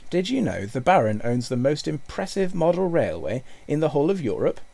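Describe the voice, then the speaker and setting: A man as a calm knowledgeable uncle. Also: on the high side, brisk, gravelly, pitched above the performer's own voice, full character voice. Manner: calm, explanatory.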